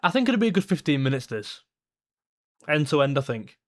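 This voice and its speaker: A man hosting a live football watchalong, reacting to the match with excitable, blunt comments and swearing at the players. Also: fairly high pitch, brisk. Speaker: fan watchalong host.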